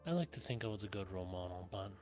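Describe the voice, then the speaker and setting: A man's voice: deep voice, expressive, very fast, a little mellow, faint music behind. A man chatting in character during an online roleplay session, casual and laughing often, with plenty of swearing. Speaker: roleplay streamer.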